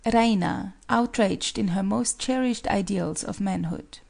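A woman narrating the stage directions of an audiobook play in an even, measured reading. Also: mid-range voice, vocal fry.

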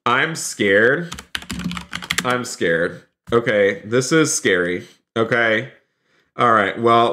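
A man's voice: mid-range voice, lively intonation, takes it slowly, sharp tone. A man streaming a role-play game live, chatting to viewers and exclaiming often. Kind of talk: live gaming commentary.

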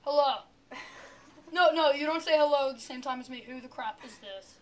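A teenage girl chatting with friends, playful and deadpan while making a prank phone call. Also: high-pitched, brisk. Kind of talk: casual chat among friends.

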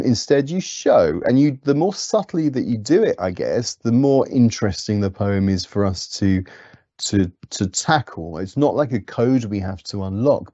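A man's voice: fairly low pitch, dark tone, no room sound, highs cut off. A man teaching a poetry lesson, explaining patiently with frequent ums and restarts, in a British accent. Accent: British English. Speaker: English teacher. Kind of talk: lecture.

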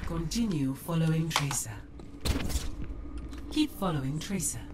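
A woman voicing a calm female AI training guide in a video game, speaking in a measured, instructive way. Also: low voice, noisy background. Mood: guiding. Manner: measured, instructive, even-toned. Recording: distant game audio with loud music.

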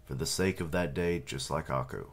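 A man's voice: extremely low pitch, normal speed, vocal fry, slight background noise. A man reading out the lines of a loyal male soldier retainer, earnest and formal. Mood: solemn. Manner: earnest, formal speech read aloud.

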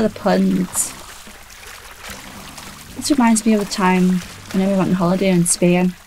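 A woman with a darkish, mid-range voice casually narrates her video game session for YouTube, in a low-quality recording. Still drowsy and stifling yawns, she chats away and jokes at her own expense.

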